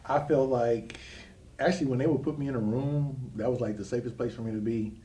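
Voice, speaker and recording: A man's voice: mid-range voice, brisk, dark tone, distant mic. A man from Cleveland, co-host, telling his life story in an earnest, reflective way with many hesitations. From Cleveland, Ohio. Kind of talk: personal life story in conversation.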